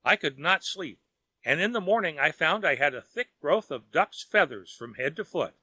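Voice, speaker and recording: A man's voice: on the high side, expressive, moderate pace, pushed and bright, no echo, full character voice. A man doing a frantic, begging old miser. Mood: pleading. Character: miserly desperate old man, wailing and pleading.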